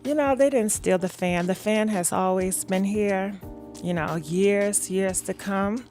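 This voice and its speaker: Slow, soft-spoken woman gossip host. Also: medium pitch, faint music behind. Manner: calm, soft-spoken talk instead of her usual yelling; chatty, with many fillers like "all right" and "mm-hmm". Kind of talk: casual live-stream chat, reading viewer comments.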